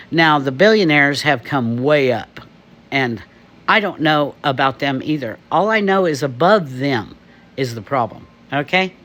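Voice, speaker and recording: A vlogger from the United States rants emphatically to the camera, sharing his opinions and laughing often. His voice is on the high side with a fairly bright tone.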